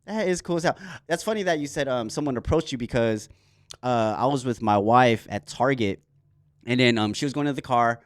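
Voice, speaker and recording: A man hosts a casual podcast in a studio, his voice at a middle pitch and recorded very dry and close. He tells stories with lively energy, loose slang and plenty of swearing. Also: a little fast, dry recording. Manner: animated storyteller, swears freely, slangy. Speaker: podcast host.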